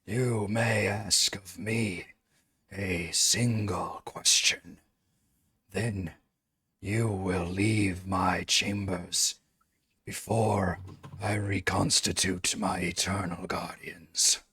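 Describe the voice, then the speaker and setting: A man voicing an ancient undead male lord, cold and commanding, speaking slowly in a hushed half-whisper. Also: deep voice, steady tone, slightly rough, dry recording, full character voice. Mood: cold menace.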